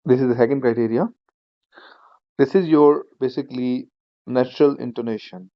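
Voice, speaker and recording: A man teaching an online speaking-skills class, explaining each point slowly and repeating himself, with plenty of fillers like "you know". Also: medium pitch, fairly even intonation, no echo, dull audio. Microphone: shared screen video class.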